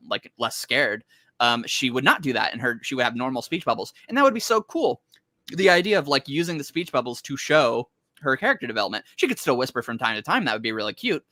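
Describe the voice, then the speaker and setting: A man's voice: medium pitch, sharp tone, dry recording. A young man co-hosting a casual chat about comics, rambling and laughing as he talks. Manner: rambling, laughing, self-interrupting. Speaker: podcast co-host.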